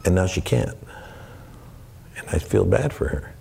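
A man's voice: low-pitched, big pitch swings, unhurried, creaky, dark tone, slightly rough. A man speaking to a room of students as a guest actor, talking candidly and earnestly about his work. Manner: earnest, mixes in laughs and acted-out quotes. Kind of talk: candid talk to an audience. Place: room with a live audience.

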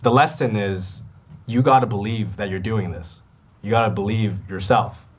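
Young actor guest from Canada, low-voiced, animated storyteller who plays out quotes. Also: male voice, moderate pace, breathy edge. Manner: lively storyteller who acts out quoted voices and laughs often. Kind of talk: animated anecdote telling.

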